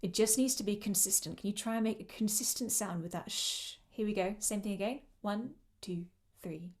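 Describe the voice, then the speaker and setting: A woman coaching singers through breath control in a mid-pitched, ordinary voice. She explains patiently and demonstrates each exercise with shushing sounds. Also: normal speed, a little mellow. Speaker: choral singing coach. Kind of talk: online vocal workshop instruction.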